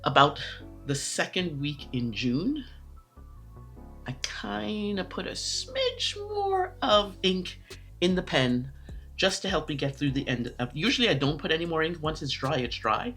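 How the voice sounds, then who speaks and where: A woman's voice: low-pitched, very animated, a little slow, a bit bright, faint music behind. A woman talking casually to camera about her pens and inks, chatty and rambling, often correcting herself. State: out of breath. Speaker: pen and ink vlogger.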